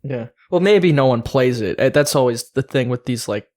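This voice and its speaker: A man's voice: medium pitch, moderate pace, darkish tone. A man co-hosting a podcast in casual chat, laid-back, with short reactions and some swearing. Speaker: podcast co-host.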